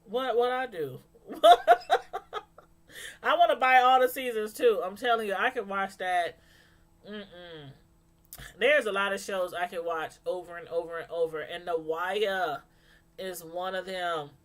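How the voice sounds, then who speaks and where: A woman's voice: on the low side, steady tone, a little slow, fairly bright tone. A woman chatting casually with live viewers as she reviews a TV episode, laughing often and answering the chat. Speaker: show reviewer on a live stream.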